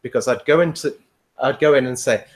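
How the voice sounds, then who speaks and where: Man, casual podcast chat, profane, rambling, laughs often, mid-pitched voice. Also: brisk. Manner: swears freely, rambling storytelling. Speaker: podcast guest.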